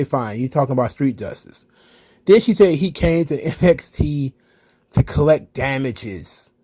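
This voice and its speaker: A man's voice: medium pitch, a little mellow, no echo, clean studio sound. A man hosting a casual wrestling recap, ranting in an exasperated, profane way. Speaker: wrestling commentary host.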